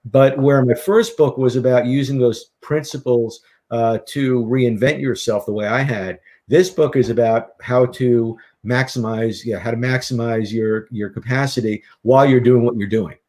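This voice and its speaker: A middle-aged man, a guest author and hypnotist, telling his story in a lively, animated way in a casual interview. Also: mid-range voice, moderate pace. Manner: lively, animated storyteller who acts out quotes.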